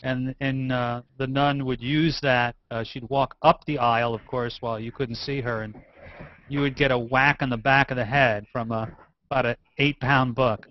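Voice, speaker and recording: Man telling a halting anecdote. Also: medium pitch, steady tone, highs cut off. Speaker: participant in a group call.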